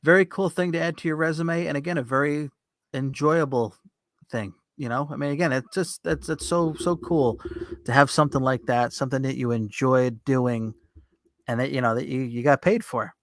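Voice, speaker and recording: A man's voice: mid-range voice, steady tone, moderate pace, dry recording. An easygoing man hosting a podcast, enthusiastic and full of small agreements. His voice sits in a middle register. It is recorded dry, close to the mic. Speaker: podcast host. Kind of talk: casual podcast chat. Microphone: podcast studio mic.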